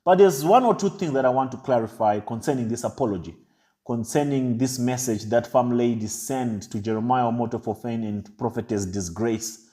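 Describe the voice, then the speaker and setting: A man giving an impassioned, deliberate commentary monologue. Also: mid-range voice, dark tone. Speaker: online commentator.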